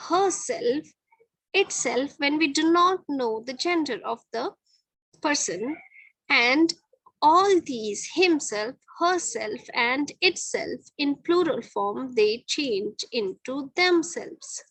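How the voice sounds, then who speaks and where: A woman's voice: sits high, expressive, slow pace, a bit bright, no echo, low-quality recording. A middle-aged woman teaching a grammar lesson to children, patiently repeating each point and checking with "okay".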